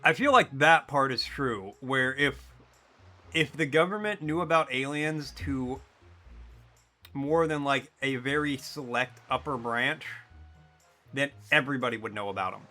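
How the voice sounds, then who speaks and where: A man's voice: mid-range voice, unhurried, bright, forceful tone, soft background music. A man streaming a video game, chatting loosely and jokily with casual swearing. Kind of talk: casual gaming stream chat.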